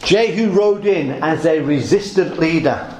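A man preaching a sermon, asking rhetorical questions and acting out the shouts of a crowd. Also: on the high side, a little slow, roomy sound.

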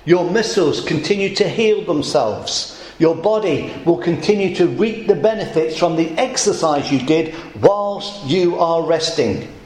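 A man's voice: fairly high pitch, expressive, measured pace, few pauses, a little mellow. A man preaching a sermon in a conversational way, asking the congregation questions. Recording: echoey church room.

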